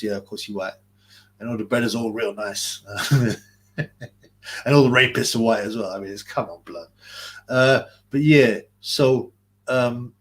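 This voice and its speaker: A man hosting a live boxing chat stream, ranting in a mocking, abrasive, rambling way. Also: mid-range voice. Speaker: boxing livestream host.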